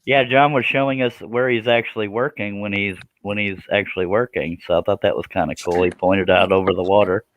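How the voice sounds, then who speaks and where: A man's voice: on the low side, fairly even intonation, fairly quick, few pauses, dry recording, narrow, tinny audio. Folksy man hosting a livestream. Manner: folksy, self-deprecating, laughs often. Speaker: host of a scroll saw livestream. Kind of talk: casual chat.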